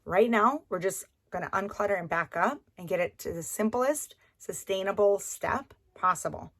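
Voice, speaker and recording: Woman, online course coach, casual lesson talk, encouraging, repeats herself, mid pitch. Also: normal speed, a bit bright. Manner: conversational, often checking in with "okay?"; encouraging and repetitive.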